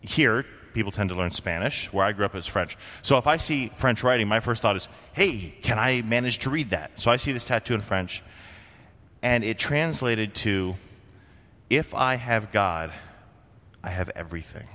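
A man's voice: fairly low pitch, lively intonation, moderate pace, pushed and bright, in a large hall. A man from Vermont preaching a sermon as a pastor, in a conversational way with frequent rhetorical questions. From Vermont, USA.

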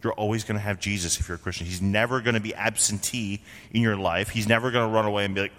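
A lower-pitched man from Vermont preaches to his congregation in an easy, conversational way. He keeps asking rhetorical questions and answering them himself. His voice trails off into the long reverb of a church hall. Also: steady tone, quick pace, few pauses, a bit bright. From Vermont, USA. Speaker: pastor. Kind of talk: sermon.

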